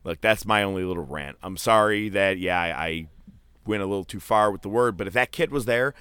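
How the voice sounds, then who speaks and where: Casting: low-voiced man, profane storyteller, dry close sound. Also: fairly quick, smooth, no echo. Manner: profane, animated, acts out quotes. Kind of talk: casual storytelling rant.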